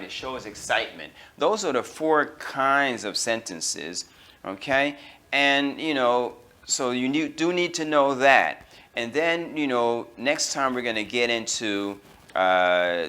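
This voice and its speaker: An American man teaching an English grammar lesson, slowing down on key terms and filling pauses with okay and all right. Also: medium pitch, pushed and bright. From United States. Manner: slows down to stress key terms.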